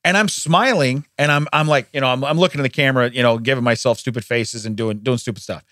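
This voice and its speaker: A man's voice: mid-range voice, fast, fairly bright tone, no echo, clean studio sound. A middle-aged man, a podcast co-host, telling a rambling family story in casual chat with repeated words and restarts.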